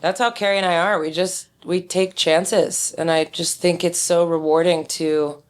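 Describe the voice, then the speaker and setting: A woman's voice: lowish voice, fairly even intonation, normal speed. A middle-aged woman winemaker telling stories in an interview, speaking candidly and sometimes acting out what others said. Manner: candid, storytelling, acts out quoted dialogue. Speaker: winemaker guest. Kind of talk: conversational interview.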